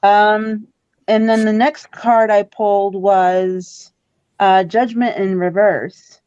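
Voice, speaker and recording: A woman's voice: medium pitch, fairly even intonation, takes it slowly, warm tone, clear, resonant tone, dry recording, highs cut off. A woman chatting casually as a tarot-reading co-host, rambling and repeating her words. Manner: rambling, repeats words, quotes people in little voices.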